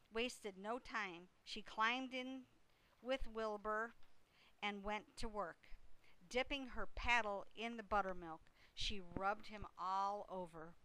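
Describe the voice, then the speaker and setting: Female storybook reader, unhurried, crisp bright tone. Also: mid-range voice, poor audio. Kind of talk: storybook read-aloud.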